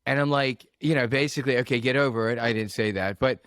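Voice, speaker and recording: A man who works as a coach, a guest on a podcast, telling stories in a lively way and acting out what people said. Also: mid-range voice, fast talker, dry recording, clean studio sound. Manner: storytelling, animated, acts out quotes. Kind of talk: casual podcast conversation.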